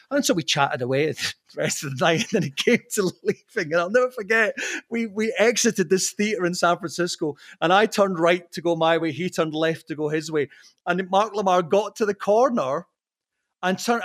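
A man telling anecdotes as a podcast guest, laughing often, swearing, and slipping into quick impressions. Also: high voice, a bit bright, dry recording, studio quality.

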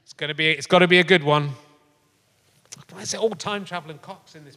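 A man's voice: high voice, a little fast, long pauses, sharp tone, a little hiss or hum. A middle-aged man hosting a live comedy podcast in front of an audience, chatting in a bawdy, joking way and laughing often. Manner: jokey, bawdy, laughs a lot. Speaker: podcast host. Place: large live venue on stage. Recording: long hall reverb from a live venue.

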